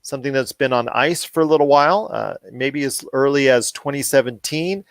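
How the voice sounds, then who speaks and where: A man chatting casually on a pop culture podcast, at a middle pitch, with a dry, close sound. He rambles and restarts his sentences, and his voice climbs when he gets puzzled. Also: a little fast, no room sound. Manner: rambling, self-correcting, gets heated and higher when puzzled. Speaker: podcast co-host.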